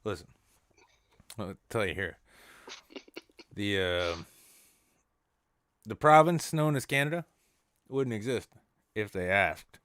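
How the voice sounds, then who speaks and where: A man's voice: on the low side, expressive, slow pace, long pauses, fairly bright tone, dry recording. A man doing an improvised comedy bit, rambling in a mock-serious tone with lots of restarts. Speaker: podcast co-host.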